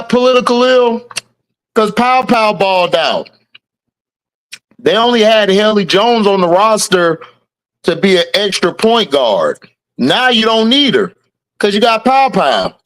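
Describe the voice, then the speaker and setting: His voice sits high and sounds animated and a bit bright, though he never hurries. Hosting a relaxed livestream, he reads viewers' names aloud, replies to the chat, and laughs a lot.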